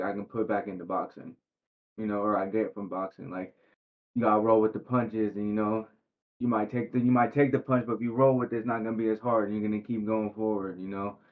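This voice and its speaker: A professional boxer talking as a podcast guest in a laid-back, slangy way, full of fillers. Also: male voice, fairly low pitch. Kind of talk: casual interview chat. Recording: tinny phone-like sound.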